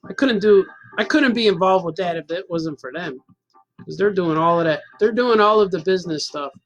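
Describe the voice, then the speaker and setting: A man's voice: high voice, fairly quick, a bit bright, dull audio. A man in his fifties telling a rambling, self-mocking story in a casual chat as a cartoonist host. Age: 50s. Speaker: cartoonist hosting a stream.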